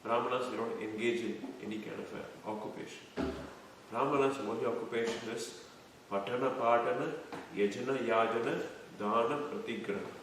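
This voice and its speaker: A man's voice: medium pitch, fairly even intonation, brisk, fairly bright tone, slight background noise. A man giving a devotional scripture lecture, explaining terms one by one and quizzing his listeners. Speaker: scripture class teacher. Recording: echoey room, mic far off.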